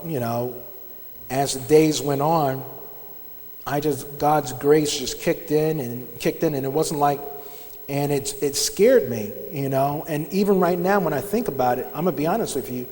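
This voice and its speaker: A middle-aged man shares a personal testimony from a church sanctuary, his speaking voice sitting a touch higher than most men's. He tells it plainly and conversationally, stopping and restarting as he gathers his words, while a long reverb from the large hall trails after him. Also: darkish tone. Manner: conversational, halting storytelling with frequent restarts. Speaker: church member giving testimony.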